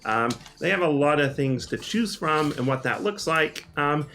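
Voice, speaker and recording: A man as game master, explaining the rules in a relaxed way with lots of ums and uhs. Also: on the high side, moderate pace, a little hiss or hum. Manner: relaxed, full of um and uh.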